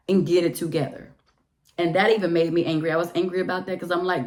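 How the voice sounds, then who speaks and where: Brief: gravelly, low-pitched woman in her thirties, candid storytime vlog, emphatic and indignant. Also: normal speed. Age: 30s. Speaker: vlogger.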